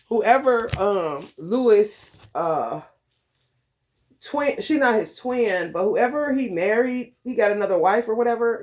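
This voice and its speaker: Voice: medium pitch, darkish tone. A vlogger talking in a loose, profane monologue, laughing often and calling listeners honey and baby. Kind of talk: casual monologue.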